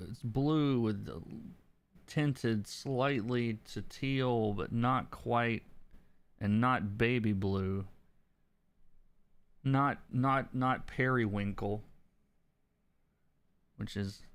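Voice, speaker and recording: A man, a comic colorist, chatting casually on a livestream while he works, thinking aloud with many restarts and soft chuckles. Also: medium pitch, clear, resonant tone, no echo. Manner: chuckles softly between remarks. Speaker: comic book colorist streaming his work.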